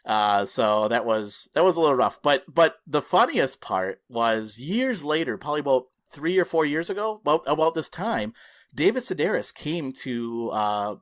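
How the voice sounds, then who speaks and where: A podcast co-host tells a story at a moderate pace in a very animated, mid-range voice. He laughs between phrases and acts out the people he quotes.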